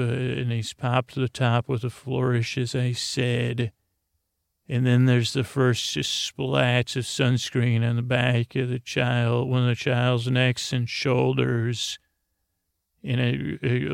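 A man's voice: medium pitch, vocal fry, clean tone, dry recording, clean studio sound. A man narrating a rambling bedtime story, meandering and full of restarts. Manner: meandering, slow, with restarts and fillers. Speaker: podcast host.

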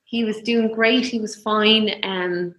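A young woman telling her birth story in a soft, reflective, emotional way. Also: medium pitch, steady tone, slow pace, poor audio. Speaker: guest.

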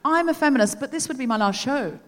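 An Australian-born woman hosting a live comedy podcast, telling stories with animated, giggly delivery on a theatre stage. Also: sits high, fast, noisy background. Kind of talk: live stand-up banter. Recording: live theatre with long reverb.

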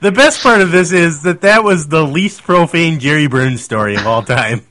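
A male podcast host with a fairly high voice that moves up and down a lot. He jokes easily and teases his guest. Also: animated, normal speed, bright, forceful tone. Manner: joking, teasing. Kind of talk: casual podcast chat.

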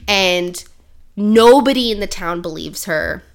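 A woman's voice: mid-range voice, lively intonation, slow. A woman co-hosting a casual podcast, rambling through a book plot with lots of fillers and frequent laughs. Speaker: podcast co-host. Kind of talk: casual chat, book recommendation.

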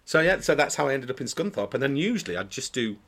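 This man's medium-pitched, slightly bright voice swings widely in pitch as he talks fast. A pantomime dame actor and podcast guest, he tells jokey stories in casual indoor chat, often restarting and breaking into laughter.

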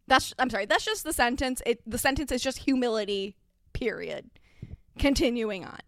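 A woman reads a story aloud in a mock-dramatic style and breaks off for wry, deadpan asides. Her voice sits fairly high, and the recording is dry and close. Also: normal speed, dry recording. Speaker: podcast host reading aloud. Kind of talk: mock-dramatic comedic reading.

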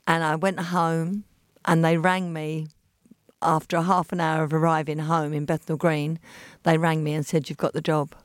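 A woman with an East London accent, a guest telling lively stories in a podcast interview and acting out the voices of the people in them. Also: low-pitched, normal speed, no room sound, studio quality. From England. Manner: animated storyteller acting out quoted voices.

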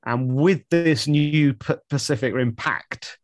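A man's voice: medium pitch, slow pace, no echo, studio quality. A man co-hosting a casual news chat, thinking aloud with repeated words and a wry tone.

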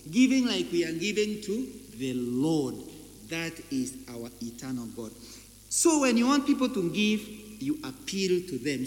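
A man preaching a sermon, emphatic and full of rhetorical questions, repeating his key phrases. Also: high voice. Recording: echoey hall reverb.

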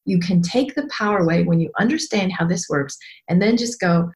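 A woman's voice: on the low side, lively intonation, fairly quick, a little mellow. A middle-aged woman giving a candid motivational talk, emphatic and swearing freely as she slips into quoted voices. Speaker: speaker addressing an audience.

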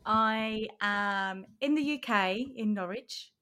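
A woman's voice: mid-range voice, slow, sharp tone. A woman from Switzerland co-hosting a podcast, chatting casually and telling her story with frequent laughs. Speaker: podcast co-host. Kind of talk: casual chat.

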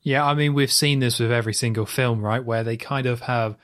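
A man co-hosting a film podcast in casual chat, animated and rambling, with lots of "like"s. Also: mid-range voice, a little fast. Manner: animated, talks in long run-on stretches with many "like"s. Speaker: podcast co-host.

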